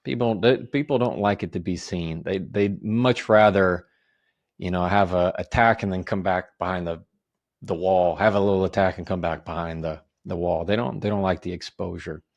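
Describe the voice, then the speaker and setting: A low, gravelly male voice explains advice on handling conflict, laying it out in calm, orderly steps. He speaks evenly, offering example phrases as he goes. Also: normal speed, highs cut off. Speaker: guest, attorney and communication author. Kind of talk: podcast interview, explaining advice.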